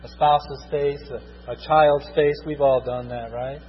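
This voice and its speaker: A man preaching a sermon, swinging from loud fervent repetition to hushed, tender pleading. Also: mid-range voice, steady tone, a little slow, big-room sound, lo-fi sound, a little hiss or hum.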